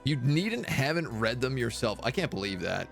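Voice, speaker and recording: A man's voice: mid-range voice, sing-song, moderate pace, creaky, faint music behind. A man streaming a game live, thinking aloud and muttering over his choices. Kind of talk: live gameplay commentary.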